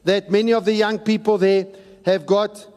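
A man with a very high voice preaching a sermon, and his words ring through a big hall with a long echo. He is animated and sometimes breaks into shouts as he acts out the people in his story. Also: moderate pace. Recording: long reverb of a large hall.

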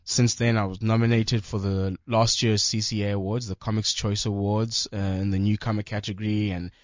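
A young man, a stand-up comedian, chatting casually on radio in a relaxed, rambling way with slang and fillers. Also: on the low side, normal speed, no echo, dull audio. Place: radio studio. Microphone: studio microphone.

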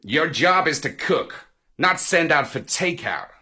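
A man's voice: fairly high pitch, big pitch swings, a little slow, pushed and bright, exaggerated voice. A man voicing a bossy male bald eagle who sells tickets in a storybook, speaking curtly and matter-of-factly.

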